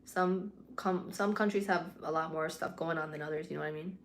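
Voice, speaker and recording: Lowish-voiced woman chatting on a livestream. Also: steady tone, a little fast, a little hiss or hum. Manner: mixes english and spanish, swears freely, candid. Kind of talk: casual livestream chat. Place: home at night.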